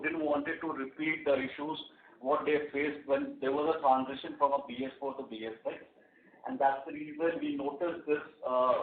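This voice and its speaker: A man, a company executive answering analysts on an earnings conference call in a measured, halting way. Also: on the high side, a little hiss or hum. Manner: measured, fillers and restarts, business jargon. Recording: echoey phone-line conference call.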